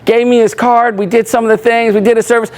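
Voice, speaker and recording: A man's voice: extremely high pitch, fast talker, a little hiss or hum. A man giving a workshop talk to roadside service staff, telling stories and acting out what people said, often asking "right?". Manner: animated, acts out quoted voices, asks "right?" often. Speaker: workshop trainer. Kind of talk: storytelling training talk.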